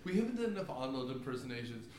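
A man co-hosting a casual movie podcast from his room, talking in a rambling, jokey, animated way with lots of asides. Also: mid-range voice, very fast, reverberant, slight background noise. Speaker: podcast co-host. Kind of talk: casual movie recap chat. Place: home room with DVD shelf.

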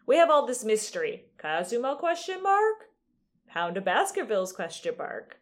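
Relaxed woman recapping a game story. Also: mid-range voice, normal speed. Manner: relaxed storytelling recap, drifting off mid-sentence. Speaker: podcast co-host. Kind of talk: casual chat recapping a video game.

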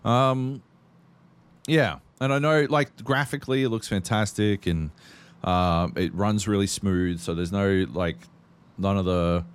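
A man's voice: on the low side, unhurried, smooth. A man co-hosting a podcast, chatting casually about games while swearing constantly and rambling through stories. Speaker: podcast co-host. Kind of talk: casual gaming chat.

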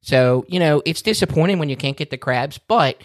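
A man's voice: fairly high pitch, normal speed, no room sound, studio quality. A man from Maryland with a Baltimore accent, co-hosting a casual chat and getting worked up as he jokes. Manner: animated, gets worked up, joking. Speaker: podcast co-host.

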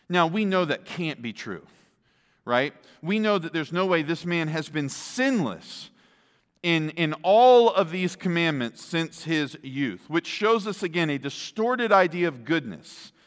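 High-voiced man preaching a sermon. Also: a bit bright, big-room sound. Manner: emphatic, asks the listeners rhetorical questions.

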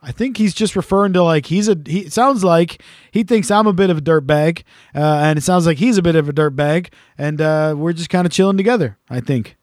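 Slightly high-voiced man teasing on a podcast. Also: fairly quick, a little mellow, no echo, clean studio sound. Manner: teasing, rambling with many fillers. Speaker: podcast co-host. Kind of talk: casual chat reading listener messages.

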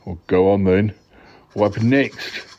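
Guy doing a fussy worried listener at bedtime, low mellow tone, kinda muffled recording. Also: unhurried. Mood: fretful. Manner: fussy, easily alarmed, prim objections. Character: fretful grown man being told a bedtime story. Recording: dull lo-fi recording.

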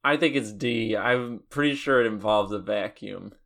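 A man guessing answers in a casual movie quiz. He thinks out loud and hesitates over his word choices. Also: lowish voice, normal speed, creaky. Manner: musing, hesitant, thinks aloud. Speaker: quiz guest. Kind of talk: casual podcast chat.

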